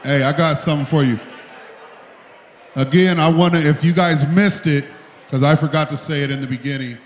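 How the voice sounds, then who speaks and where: A man's voice: on the high side, fairly even intonation, normal speed. A man hosting an event gives an emotional tribute speech, talking in a heartfelt, plain-spoken way. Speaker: event host. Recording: echoey hall.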